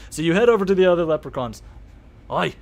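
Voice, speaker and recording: A man's voice: sits high, lively intonation, very fast. A young man narrating a live-streamed tabletop game as game master, rambling with fillers. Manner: rambling, many fillers, laughs at himself.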